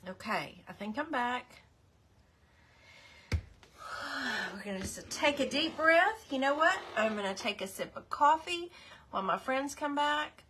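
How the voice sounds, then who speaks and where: A woman's voice: high-pitched, expressive, unhurried, long pauses, a bit bright. A middle-aged woman hosting a casual live craft stream, chatty and apologetic, greeting her viewers by name. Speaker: craft livestream host.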